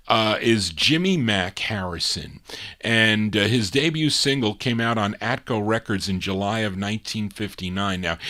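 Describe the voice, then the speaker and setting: A man's voice: fairly low pitch, fairly bright tone. A man hosting a live record show, giving casual, informative DJ patter between songs with small fillers and self-corrections.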